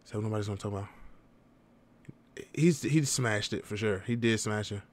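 A man's voice: fairly low pitch, moderate pace. A young man casually reacting to a rap video and ranking the verses, talking straight to his viewers in loose slang. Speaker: music reaction vlogger.

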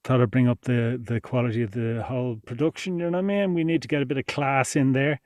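An informal man leads a workshop in a casual, chatty way. His voice is mellow and dark, and it sits dry and close to the mic with little room sound. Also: medium pitch, fairly even intonation, fast talker, no echo. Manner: chatty, informal, laughs while explaining. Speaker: podcast production instructor.

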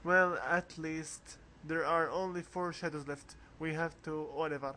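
Man, let's play commentary, unhurried drawl, slightly high voice, coughs a lot, faint hiss behind. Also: fairly even intonation, sharp tone. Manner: rambling, coughs often, reads game text aloud. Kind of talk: casual game walkthrough commentary.

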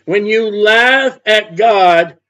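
A man's voice: high-pitched, extremely slow, pushed and bright. A man preaching a fervent sermon as a street preacher. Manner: fervent, mocking laughter when imitating scoffers.

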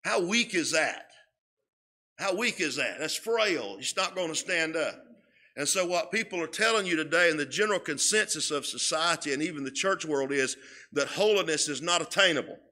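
A man teaching a Sunday school Bible lesson in a church, speaking in a slow, emphatic way and often repeating his words. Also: fairly high pitch, animated, sharp tone. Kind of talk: sermon-style Bible lesson. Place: church sanctuary.

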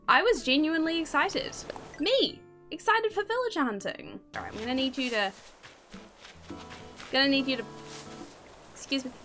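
Young female streamer, excitable and swearing, very animated delivery, faint game music underneath. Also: high voice. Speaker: gaming streamer. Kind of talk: casual gameplay commentary.

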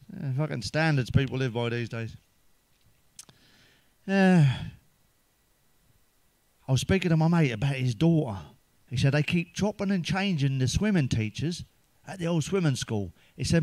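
A middle-aged man delivers crude stand-up jokes, swearing freely and chuckling at his own lines. His voice sits a little high for a man and sounds dry and close, with no room echo. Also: animated, a little slow, long pauses, darkish tone. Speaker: stand-up comedian.

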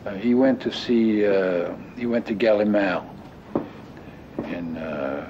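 An older man reminiscing in an interview, talking haltingly with many restarts and fillers. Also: on the low side. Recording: dull lo-fi audio with clear noise.

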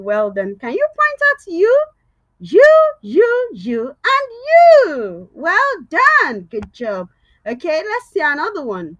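Woman teacher for a kids' reading video: high, sing-song, slow and encouraging, dry close sound. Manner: sing-song, coaxing, repeats words loudly for kids to echo. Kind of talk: children's reading lesson.

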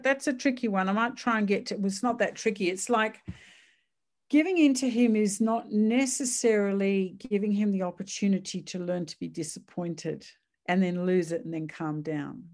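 A woman's voice: medium pitch, a little mellow. A woman, a psychiatrist, giving a chatty and reassuring talk on parenting, with asides and restarts. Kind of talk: casual online talk.

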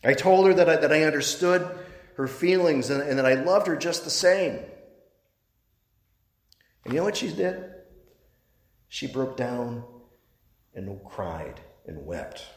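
A man, a priest, giving a sermon, telling a story with halting restarts. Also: fairly high pitch. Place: church. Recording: echoey church with long reverb.

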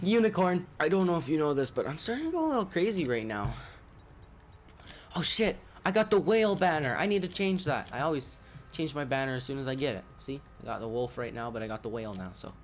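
A man giving casual gameplay commentary, rambling and swearing, with sudden loud outbursts. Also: on the high side, very animated, quick pace, slight background noise. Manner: profane, rambling, jumpy outbursts. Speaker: gaming YouTuber.

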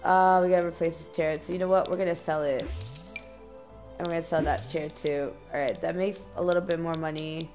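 A young woman streaming a life-sim game, chatting casually with lots of ums and quick bursts of dismay. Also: deep voice, steady tone, darkish tone, faint music behind. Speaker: gameplay streamer. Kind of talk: casual gameplay commentary.

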